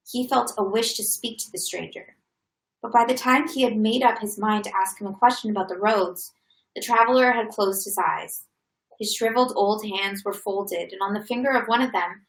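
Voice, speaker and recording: A woman reading a novel aloud in a steady, even manner. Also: mid-range voice, vocal fry. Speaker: reader. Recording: roomy echo.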